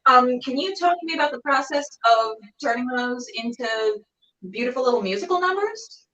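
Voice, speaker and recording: High bubbly woman host on a call. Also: lively intonation, a little fast, pushed and bright. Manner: bubbly, exclamatory, loose fillers. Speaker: podcast host. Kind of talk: casual video-call interview. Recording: roomy, distant, dull video-call audio.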